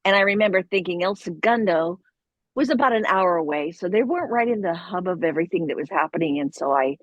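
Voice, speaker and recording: A middle-aged woman guest telling a story in a casual, animated way, with lots of laughs and fillers. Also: fairly low pitch, fast, no room sound, highs cut off. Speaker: voice actor guest.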